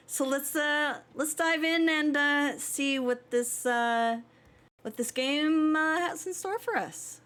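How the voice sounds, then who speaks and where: A woman's voice: high voice, lively intonation, slow pace, fairly bright tone. A woman streaming a video game live, chatting casually with a giggly manner and reading the game text aloud.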